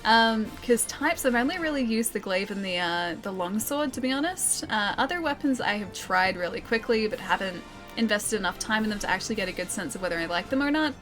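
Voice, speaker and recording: A woman's voice: mid-range voice, lively intonation, brisk, a bit bright. A young woman streaming a game, chatting casually with viewers, playful and giggly with lots of mock apologies. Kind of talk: casual gameplay commentary reading chat. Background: game music.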